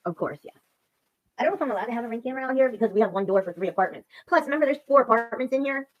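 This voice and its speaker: A woman's voice: on the high side, lively intonation, rapid-fire, muffled recording. A woman in her forties hosting a livestream, ranting in a casual, rambling, profane way. She is upset and emotional, and she repeats herself. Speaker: livestream host.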